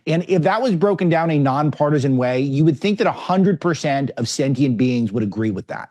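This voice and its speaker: A man's voice: fairly high pitch, expressive, a little fast, darkish tone. A middle-aged man appearing as a guest, arguing political points in an emphatic way. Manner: emphatic, argumentative. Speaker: guest commentator. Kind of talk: political commentary.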